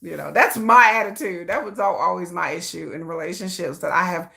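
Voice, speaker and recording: A woman hosting a casual livestream, chatty and high-energy, who laughs often and acts out playful scenes. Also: a little fast, vocal fry, sharp tone. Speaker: livestream host.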